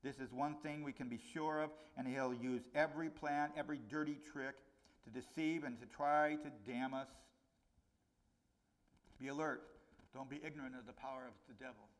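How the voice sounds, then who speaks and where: A middle-aged man preaching a conversational sermon, his voice rising on key points and dropping low on warnings. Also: steady tone, normal speed. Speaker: pastor.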